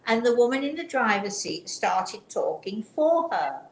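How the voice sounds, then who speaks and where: A woman hosting a chat show, telling a personal story in an earnest, gentle way and often restarting her sentences. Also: a little high, very animated, measured pace, vocal fry. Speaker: talk show host. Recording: roomy sound with faint background noise.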